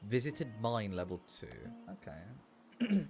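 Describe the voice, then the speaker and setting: A man streaming a farming game, chatting casually, joking and rambling with sudden loud outbursts. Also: fairly low pitch, lively intonation, unhurried, vocal fry. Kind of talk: casual gameplay livestream chat. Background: faint background music.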